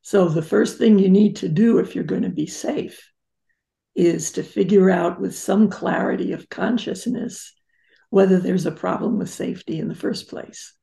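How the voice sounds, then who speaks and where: An older woman speaks as a therapist guest, telling family stories in a reflective, emphatic way. Her voice is deeply gravelly with heavy vocal fry. Her tone is dark and mellow. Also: steady tone, normal speed. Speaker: psychotherapist guest. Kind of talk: interview storytelling.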